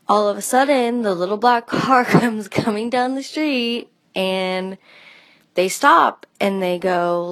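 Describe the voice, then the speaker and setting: Woman, unhurried rambling storyteller, hesitant, fond personal memories. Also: medium pitch, a bit bright, low-quality recording. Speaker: friend sharing memories.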